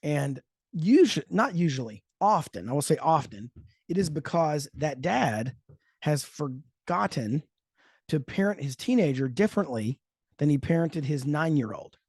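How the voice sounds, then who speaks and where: A man hosting a faith-based parenting talk show, telling stories in a thoughtful, animated way. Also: a little high, measured pace, slightly rough, no room sound, clean studio sound. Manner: thoughtful, storytelling, lively emphasis. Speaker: podcast host. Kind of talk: casual chat.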